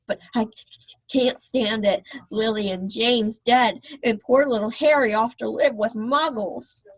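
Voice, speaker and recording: A woman voicing a huge, soft-hearted man who sobs as he speaks, while reading aloud. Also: a little high, unhurried, husky, no room sound, rough recording. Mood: tearful.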